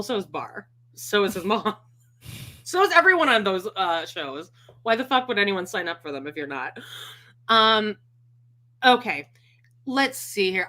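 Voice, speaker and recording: Bright-voiced chatty woman podcast host. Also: mid-range voice. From Canada. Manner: chatty, swears freely, laughs often. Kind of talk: casual chat.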